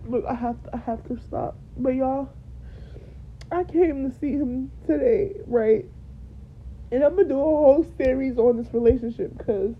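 Tearful high-voiced woman podcaster. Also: moderate pace, slightly rough. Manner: addresses listeners directly, repeats herself. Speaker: podcast host. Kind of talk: emotional personal storytelling. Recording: dull lo-fi recording.

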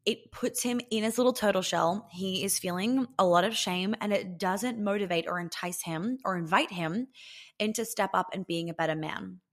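A relationship coach hosts a podcast in a mid-range voice at a normal speed. She's chatty and blunt, swearing freely and saying "like" constantly.

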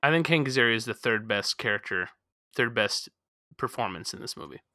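A man with a bright, forceful voice co-hosting a relaxed movie chat. He argues his opinions emphatically, and the sound is dry and close. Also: medium pitch, a little fast, no room sound. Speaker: podcast co-host. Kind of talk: casual movie discussion.

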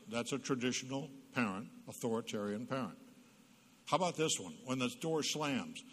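A man's voice: mid-range voice, expressive, moderate pace, a bit bright, slightly rough. A psychologist giving a humorous parenting talk at church, a storyteller who acts out the quotes he tells. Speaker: guest speaker, psychologist. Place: church hall. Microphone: PA microphone. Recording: reverberant church hall.

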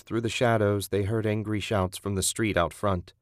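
A man narrates a horror audiobook in a steady, measured reading style. His voice sits very low, and the recording is dry and close with no room sound. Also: no room sound.

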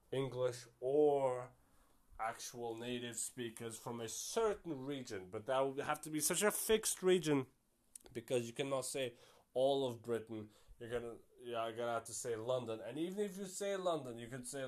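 Male podcast host, mid-pitched, loose solo chat, thinks aloud and second-guesses himself. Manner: chatty and self-doubting, thinking aloud. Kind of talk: casual solo podcast commentary.

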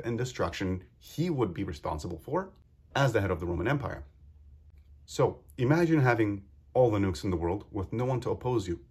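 Husky-voiced man, impassioned podcast monologue. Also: lowish voice, a little mellow. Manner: earnest, impassioned, rhetorical questions. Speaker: podcast host.

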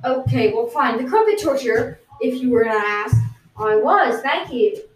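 A woman playing a self-proclaimed British guest who does not sound British. She rambles in deadpan nonsense on an improvised comedy podcast. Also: on the high side, normal speed, a little hiss or hum, close to an everyday voice. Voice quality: plain American-sounding voice. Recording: roomy, distant mic.

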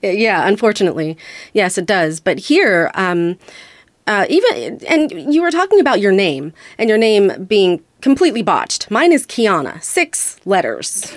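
American woman, radio panel guest, candid and measured, dry close sound. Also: medium pitch, sing-song, no echo. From United States. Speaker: panel guest, audio engineer and radio co-host.

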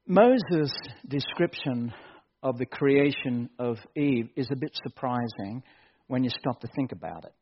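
A man preaching a sermon as pastor, joking and building to excited shouts. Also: medium pitch, measured pace, slightly rough, muffled recording.

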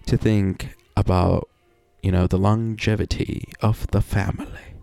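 A man's voice: fairly low pitch, little pitch movement, a little slow, vocal fry, mellow, no room sound, faint music behind. A man in a casual personal monologue, rambling and reflective, leaning on "you know" and swearing often, with wry sighs and laughs between thoughts.

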